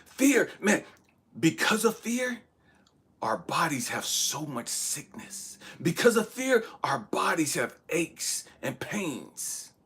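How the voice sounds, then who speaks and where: A man's voice: fairly high pitch, sing-song, slow, bright, forceful tone, slightly rough. A man in his thirties giving a spiritual motivational talk, preaching with bursts of emphasis that drop to near-whispers. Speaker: motivational speaker.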